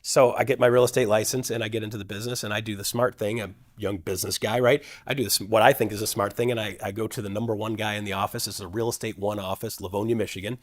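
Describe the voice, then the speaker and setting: A man's voice: fairly low pitch, fast, hardly any pauses. A middle-aged man, a guest speaker, telling a personal business story and acting out the dialogue of the people in it. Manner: energetic, acts out quoted dialogue with shifting voices. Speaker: guest speaker at a real estate event.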